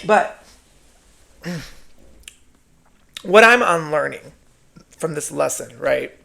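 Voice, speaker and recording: A man's voice: fairly high pitch, expressive, very slow, creaky, pushed and bright. A man hosting his own podcast, delivering a sassy, profane solo monologue and often adding "right?". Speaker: podcast host.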